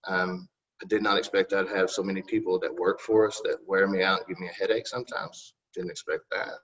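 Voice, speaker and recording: A middle-aged man with a lowish voice answers questions in a loose, folksy ramble, polite and unpolished. He sits back from the mic, and the sound is dull and muffled. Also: little pitch movement, brisk, a bit bright. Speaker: city council candidate. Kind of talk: casual interview answers. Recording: distant, muffled recording.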